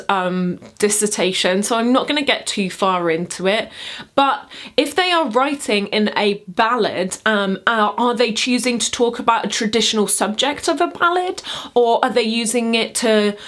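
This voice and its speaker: Chatty woman teaching poetry. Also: a little high. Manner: chatty and expressive, chants rhythms aloud. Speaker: poetry teacher and video host. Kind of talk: casual explainer lesson.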